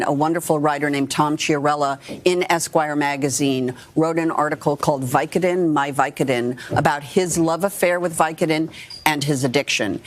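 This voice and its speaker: A woman in her sixties, an actress speaking frankly and emphatically as a guest on a morning TV interview. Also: low voice. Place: TV studio.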